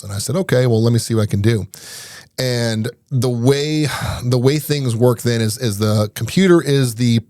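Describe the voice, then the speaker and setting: A middle-aged man, a guest on a podcast, telling lively anecdotes in a casual interview and often laughing between them. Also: mid-range voice, dry recording, clean studio sound. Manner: rapid, animated anecdotes broken up by laughter. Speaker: podcast guest, IT business owner.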